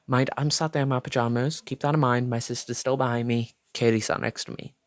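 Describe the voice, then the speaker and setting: A man's voice: medium pitch, no room sound. A young man telling a storytime tale in a sassy, dramatic way, swearing freely. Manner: fast, lively gossip delivery. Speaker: storytime vlogger. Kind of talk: storytime retelling.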